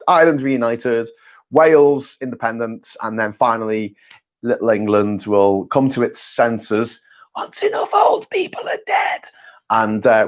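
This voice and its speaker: A man hosting an informal live-stream chat, reading out viewer comments with rambling, sarcastic and jokey asides and casual swearing. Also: medium pitch. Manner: rambling, self-correcting. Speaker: host.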